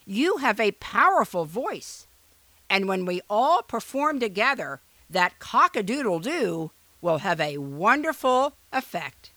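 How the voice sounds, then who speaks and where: Woman doing a bossy eager donkey, bright bouncy storybook voice. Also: medium pitch, big pitch swings, measured pace, no echo, heavily acted. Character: big male donkey, eager and bossy leader. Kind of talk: storybook read-aloud.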